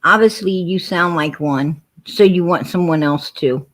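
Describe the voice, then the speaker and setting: A woman's voice: lowish voice, measured pace. A woman hosting a livestream, telling stories and arguing with viewers in a blunt, profane way. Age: adult with four kids. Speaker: livestream host. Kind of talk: casual livestream talk.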